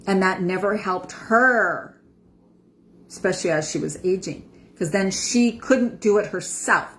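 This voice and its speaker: A woman's voice: mid-range voice, measured pace, fairly bright tone, a little hiss or hum. A woman in her fifties giving a casual motivational talk as an empowerment coach, chatty and repeating words for emphasis. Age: 50s.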